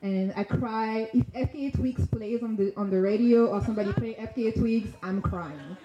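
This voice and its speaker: Animated young woman in a roomy hall. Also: fairly high pitch, moderate pace. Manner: animated, slangy, laughing often. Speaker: storyteller on stage. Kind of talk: personal story told to an audience. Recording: dull, roomy sound with faint noise.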